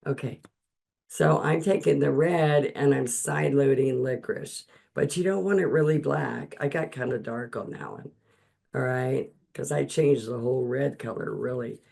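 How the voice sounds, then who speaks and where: A woman hosting a painting lesson over a video call, telling stories in an animated way and often laughing between steps of instruction. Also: very deep voice, normal speed, creaky. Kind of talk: chatty storytelling and painting instruction.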